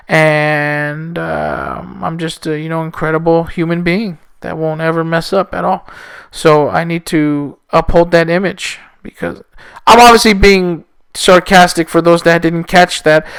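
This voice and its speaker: A man's voice: a little high, clear, resonant tone, no room sound. A young man hosting a casual solo podcast, rambling and self-mocking with loose, profane asides. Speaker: podcast host.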